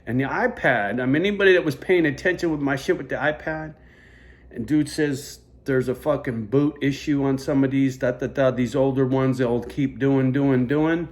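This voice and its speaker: A man vlogging into a phone camera, telling a rambling story in a heavily profane, animated rant. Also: mid-range voice, normal speed.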